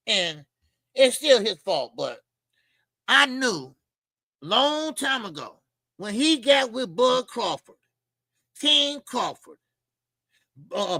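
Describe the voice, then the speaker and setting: High in pitch with vocal fry, his bright, forceful voice sits in a dry recording as he runs his boxing channel. He mocks and swears bluntly through an opinionated rant, repeating phrases and dropping fillers often.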